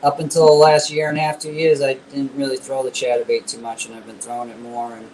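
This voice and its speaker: Animated male angler telling fishing stories. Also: medium pitch, quick pace, a little hiss or hum, poor audio. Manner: animated storyteller. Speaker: guest angler. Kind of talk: casual fishing chat.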